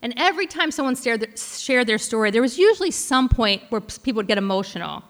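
A woman's voice: on the high side, big pitch swings, fast, fairly bright tone, big-room sound. A woman pastor giving a heartfelt sermon, telling a personal story with frequent restarts. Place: large church hall.

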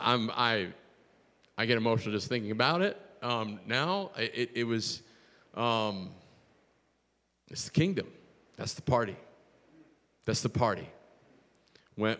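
Pastor preaching in a reverberant church. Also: male voice, medium pitch. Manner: earnest, storytelling with frequent restarts. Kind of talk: sermon.

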